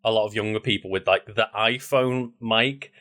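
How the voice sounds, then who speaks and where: A man co-hosting a podcast, talking in a relaxed, rambling way with many fillers. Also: fairly low pitch, moderate pace. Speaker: podcast co-host. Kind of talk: casual chat.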